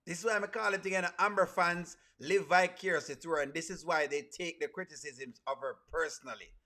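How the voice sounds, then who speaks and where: A man with a Jamaican accent giving lively live reaction commentary, mixing patois into his English. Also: on the high side, fairly quick. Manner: animated, mixes patois with standard English. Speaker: reaction streamer.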